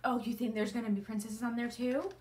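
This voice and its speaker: A woman's voice: a little high, fairly even intonation, fast, darkish tone, slight background noise. A woman in her thirties, a mother hosting a casual unboxing with her kids, gushing and easily moved. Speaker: mother and channel host.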